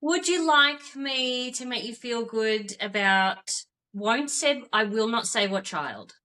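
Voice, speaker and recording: An Australian woman co-hosting a podcast over a video call, telling stories with lively, laughing energy. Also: a little high, slow pace. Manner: animated storytelling with laughs. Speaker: podcast co-host.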